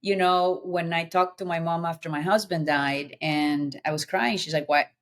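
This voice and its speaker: A middle-aged woman speaking as a guest on a conversation podcast, her voice sitting on the lower side. She talks earnestly and with animation, sprinkling in lots of "you know"s as she shares her story. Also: fairly even intonation, normal speed.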